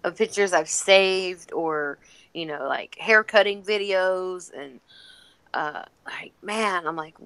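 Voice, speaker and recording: A woman's voice: on the low side, takes it slowly, fairly bright tone, clear, resonant tone, no echo. A woman in casual chat who rambles and talks to herself while looking for something on her phone.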